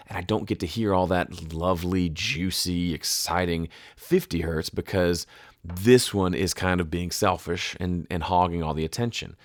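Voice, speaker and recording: A man's voice: deep voice, no echo. A man teaching audio mixing at a home studio in a chatty, casual tutorial, sidetracking and correcting himself. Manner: chatty, self-correcting, explains with sung hoots. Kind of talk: casual screen-share tutorial.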